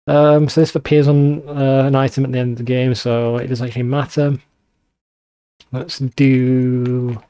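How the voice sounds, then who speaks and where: A man's voice: medium pitch, warm tone. A man with a northern English accent chatting casually and swearing while commenting on a video game. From northern England. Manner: chatty, swears freely, mocking asides. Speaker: let's play host.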